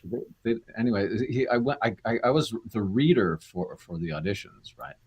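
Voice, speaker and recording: A man's voice: lowish voice, animated, fairly quick, a little mellow, breathy edge. A male actor telling rambling anecdotes in a casual interview, with many fillers and restarts.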